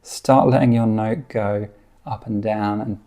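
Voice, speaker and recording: A man teaching a guitar lesson, explaining calmly and encouragingly, counting beats aloud and singing short snippets. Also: on the low side, a little slow.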